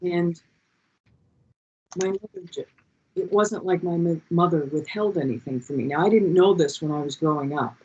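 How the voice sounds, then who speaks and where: Passionate session leader, husky voice, dull lo-fi call audio, repeats key lines. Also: medium pitch, fairly quick, few pauses, a little mellow. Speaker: speaker leading a group session. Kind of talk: heartfelt motivational talk. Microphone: video call.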